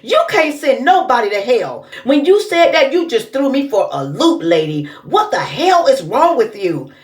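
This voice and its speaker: High-voiced woman scolding in indignant commentary. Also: big pitch swings, moderate pace. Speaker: commentary vlogger. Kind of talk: casual reaction commentary.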